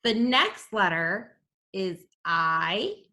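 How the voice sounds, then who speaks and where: A woman teacher giving a reading lesson to young children, sounding out letters slowly and gasping in delight. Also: mid-range voice, big pitch swings, pushed and bright. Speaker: kindergarten teacher.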